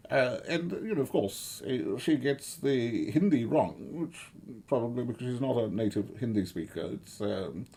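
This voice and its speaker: A middle-aged man giving rambling, sardonic commentary, halting often with fillers and restarts. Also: medium pitch, lively intonation, mellow, slight background noise.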